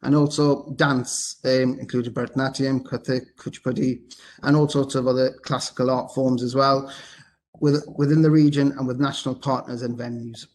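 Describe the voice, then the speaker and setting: A man from North East England with a Geordie accent, an arts director giving a deliberately measured presentation on a video call. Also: mid-range voice, level tone, darkish tone, a little hiss or hum. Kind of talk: panel presentation.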